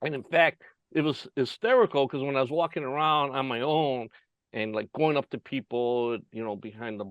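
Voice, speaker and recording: A man's voice: medium pitch, moderate pace, no echo, muffled recording. A man from the United States hosting a casual interview over a video call, telling stories with many fillers and frequent laughs. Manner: laughs often, lively storytelling with many fillers. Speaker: host. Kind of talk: casual chat.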